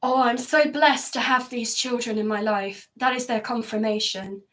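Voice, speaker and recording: Brief: woman voicing a tiny white-haired Polish grandmother, high and emphatic, speaking with slow conviction. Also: a bit bright, lightly acted. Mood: tender. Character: elderly petite Polish woman, warm and devout.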